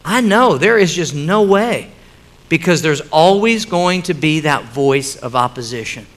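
A man's voice: a little high, lively intonation, unhurried, a bit bright. A man preaching a sermon to his church, emphatic and repeating key phrases for weight. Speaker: pastor. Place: church sanctuary with congregation.

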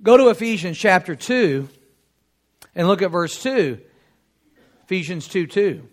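High-voiced pastor joking with his congregation. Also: lively intonation, unhurried. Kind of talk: sermon.

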